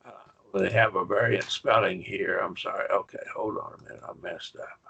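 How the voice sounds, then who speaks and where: Gravelly-voiced man teaching a Bible class. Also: deep voice, steady tone, moderate pace, sharp tone. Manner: enthusiastic, explaining step by step. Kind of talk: college-level Greek Bible class. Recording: muffled lo-fi class recording.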